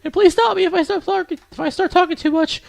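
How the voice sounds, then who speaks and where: A man voicing a shy, bookish teenage girl in a high falsetto, hesitant and apologetic, in a visual novel read-aloud. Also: fast talker, creaky, no echo, exaggerated voice. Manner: hesitant, stammering, rambles then apologizes.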